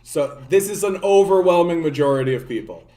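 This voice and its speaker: Rambling man, slightly high voice. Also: animated, a little fast, mellow. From Canada. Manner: rambling, profane, many "like" fillers and restarts. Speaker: political streamer. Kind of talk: casual livestream commentary.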